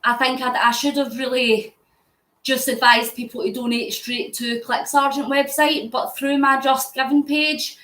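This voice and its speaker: A woman's voice: high voice, steady tone, measured pace, a bit bright, echoey room, slight background noise, poor audio. A Scottish woman from near Glasgow, hosting a live stream and chatting while she answers viewer comments as she cycles. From Scotland. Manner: chatty, answers comments aloud with frequent laughs; talking while cycling. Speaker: fundraising vlogger.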